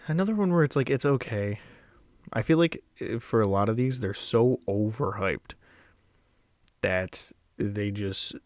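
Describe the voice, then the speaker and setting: A man's voice: lowish voice, animated, a little slow, pauses often, dry recording. A young man rating snacks in a casual solo video, rambling and self-deprecating, with blunt verdicts and a slightly out-of-breath delivery. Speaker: snack reviewer.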